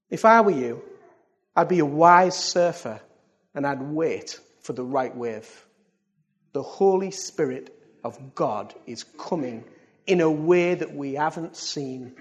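A man preaching to his congregation with a fairly high voice. He swings from loud, rising calls to quiet, hushed asides, and he keeps throwing questions out to the room. The delivery is lively and direct. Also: unhurried. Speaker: pastor. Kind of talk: sermon. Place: church service.

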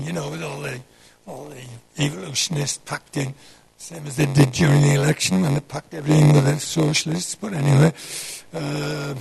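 A man's voice: a little high, gravelly, darkish tone, breathy edge, low-quality recording. A man, giving a rambling sermon talk and asking the audience questions as he digresses. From North East England. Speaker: Christian speaker.

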